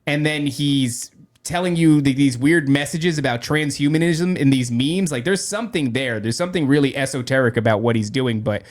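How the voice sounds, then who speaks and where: A man's voice: medium pitch, moderate pace. A man hosting a podcast in casual chat, rambling and joking with many restarts. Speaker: podcast host.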